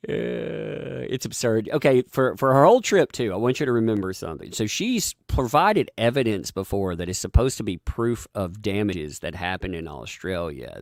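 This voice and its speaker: A man's voice: on the low side, vocal fry, dry recording, studio quality. A man hosting a live-stream, chatting sarcastically with frequent laughs and reading out viewer donations.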